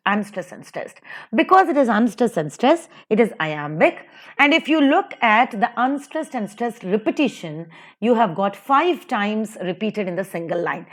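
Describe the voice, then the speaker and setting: A woman teacher with an Indian English accent, lecturing over slides with a sing-song, stressed delivery and slow recitations of verse. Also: medium pitch, very animated.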